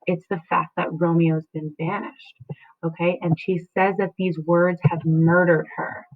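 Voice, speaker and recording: A woman's voice: lowish voice, flat delivery, a little slow. A woman teacher explaining a play to her class, checking in often with "right?" and "okay?". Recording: tinny phone-like sound.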